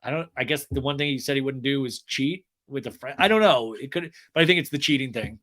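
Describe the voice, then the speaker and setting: A man hosting a podcast, recapping a TV show with animated, joking asides. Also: medium pitch, quick pace. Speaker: podcast host. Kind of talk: comedic TV recap.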